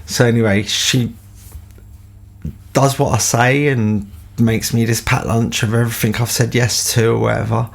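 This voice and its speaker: Rambling man with a gravelly voice. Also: mid-range voice, level tone, moderate pace. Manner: rambling, peppered with fillers. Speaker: podcast host telling stories. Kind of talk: casual anecdote.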